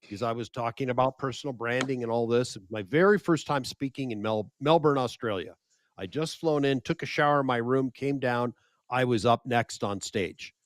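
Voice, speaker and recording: An older man with an American accent, a media expert guest telling lively stories and acting out quoted exchanges in a casual interview. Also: mid-range voice, normal speed, no room sound, clean studio sound.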